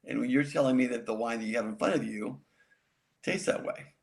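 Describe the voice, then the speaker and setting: Podcast co-host, man, gravelly mid-pitch voice, wry and knowing. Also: brisk. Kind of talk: casual chat.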